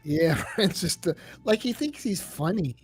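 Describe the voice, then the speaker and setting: A man's voice: high-pitched, unhurried, faint music behind. A man hosting a livestream in casual chat, rambling and swearing as he tells stories. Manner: profane, rambling, animated storytelling. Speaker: livestream host.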